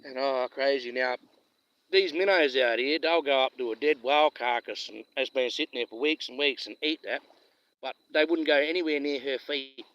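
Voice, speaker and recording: A man with a Western Australian accent talks at a normal speed in a mid-range, slightly bright voice, telling meandering stories and chuckling while he fishes on a live stream. The sound is lo-fi.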